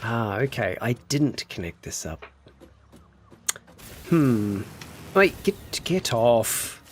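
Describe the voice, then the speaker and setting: A man's voice: medium pitch, big pitch swings, slow, a little hiss or hum. A man casually chatting on a gameplay livestream, muttering to himself while building and answering his chat. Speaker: streamer.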